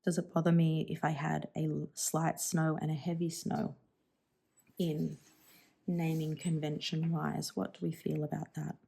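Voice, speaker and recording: A woman's voice: low voice, little pitch movement, unhurried, vocal fry, dark tone, husky. A woman in her thirties chatting casually and thinking aloud while swatching inks for her channel, musing and self-deprecating. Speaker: stationery vlogger.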